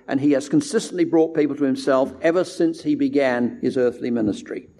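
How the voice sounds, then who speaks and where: A man preaching a sermon in church, with a measured delivery that leans hard on key words. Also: on the high side, a little mellow.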